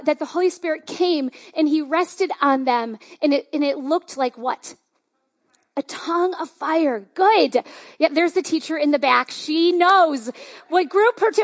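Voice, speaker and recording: A woman pastor giving a conversational, enthusiastic sermon with lots of fillers. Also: high voice.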